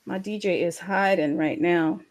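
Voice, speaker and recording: A woman's voice: lowish voice, measured pace. Chatty woman hosting a crypto livestream. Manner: energetic, chatty, openly salesy. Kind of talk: promotional livestream talk.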